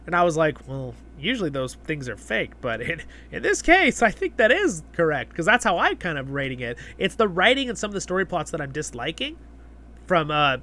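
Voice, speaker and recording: Chatty bright-voiced male streamer. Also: on the high side, big pitch swings, brisk. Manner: chatty, reads viewer comments aloud; rambling with many fillers and restarts. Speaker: livestream host. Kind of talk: casual live-stream chat.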